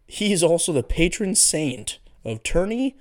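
Profane rambling man with a lively voice. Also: fairly high pitch, a little slow. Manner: profane, rambling, goofy tangents. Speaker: podcast host. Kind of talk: casual solo podcast chat.

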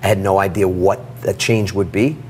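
A middle-aged man telling a personal story in an interview, animated and acting out the dialogue. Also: sits low, normal speed, slight background noise. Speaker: guest.

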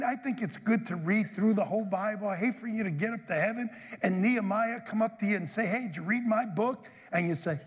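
A middle-aged male pastor preaching to his congregation, his voice high and husky. He swoops all over his range and bursts into excited shouts as he reads the verses. Long reverb from the church hall hangs behind him. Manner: animated, shouts scripture with rising excitement. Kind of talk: sermon. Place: church sanctuary.

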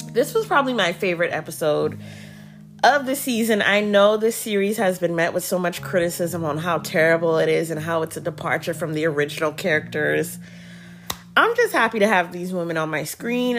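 A woman's voice: on the low side, fairly bright tone. A woman in her early thirties hosting a podcast, recapping a TV show in casual, slangy chat with dramatic reenactments.

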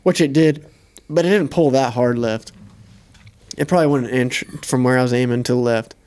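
A young man, co-host of a podcast, casually telling a hunting story in a relaxed, profane way. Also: mid-range voice, fairly quick.

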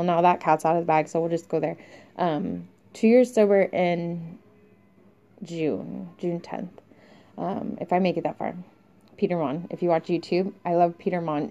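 On a dull, lo-fi recording, a podcast host in her youth talks in a casual, confessional ramble, full of filler words and small laughs. She has a fairly low, dark-toned voice.

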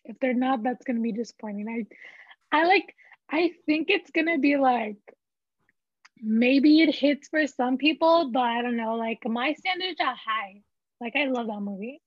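High-voiced teen girl, dry lo-fi sound. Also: lively intonation, normal speed, no echo. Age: teens. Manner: rambling, frank, filler-heavy. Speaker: teen panelist. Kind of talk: casual chat.

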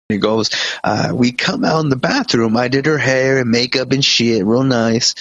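A man's voice: mid-range voice, moderate pace, a bit bright, no echo. A man co-hosting a podcast, reading a story aloud with plenty of swearing and voices for the people in it. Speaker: podcast co-host. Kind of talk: comic storytelling. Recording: dull, dry lo-fi sound.

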